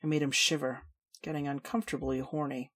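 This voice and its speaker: A woman reading adult fantasy fiction aloud in a steady storytelling manner. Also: rumbling low, brisk, husky. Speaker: reader. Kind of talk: fiction narration.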